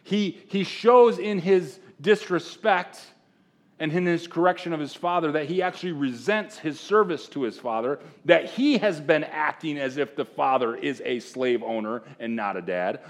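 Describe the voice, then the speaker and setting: A man preaching a sermon to a room of men, animated, jumping between loud exclamations and hushed asides and acting out the characters he quotes. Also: fairly high pitch, normal speed. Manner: acts out quoted characters in voices. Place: room with a live audience of men.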